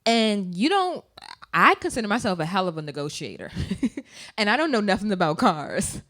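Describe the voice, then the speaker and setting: A woman's voice: mid-range voice, very animated, normal speed, a bit bright. A woman co-hosting a casual podcast, talking emphatically and giving advice through anecdotes. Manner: mimics voices when quoting people. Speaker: podcast co-host.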